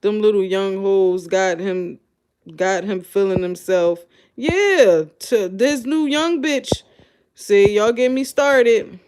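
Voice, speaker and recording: A woman hosting a show, giving blunt, animated, incredulous reaction commentary straight to her audience. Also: mid-range voice, slow, a little hiss or hum. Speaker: show host. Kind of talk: casual live reaction commentary.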